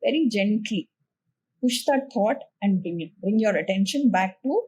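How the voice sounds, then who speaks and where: Woman, Indian English accent, husky voice, calm and patient, unhurried teaching tone. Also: medium pitch. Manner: gentle, patient, slows down on instructions. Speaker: spiritual teacher, podcast guest. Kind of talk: calm explanatory conversation.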